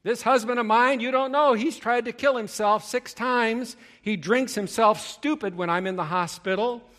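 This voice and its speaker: A man voicing a distraught woman who is panicking that her husband is dead, in a rushed, pleading way. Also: very high voice, a bit bright, long reverb tail, voice pushed up. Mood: frantic.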